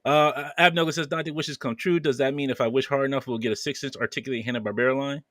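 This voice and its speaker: A man's voice: medium pitch, steady tone, fast talker, fairly bright tone, no echo, clean studio sound. A man hosting a podcast, casually reading viewer comments aloud with playful banter and frequent laughter. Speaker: podcast host.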